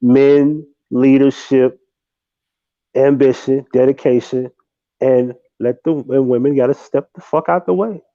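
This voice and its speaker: A man's voice: mid-range voice, steady tone, a little slow, mellow, dry recording, muffled recording. A man co-hosting a livestream, arguing his points bluntly and with profanity. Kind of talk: casual chat.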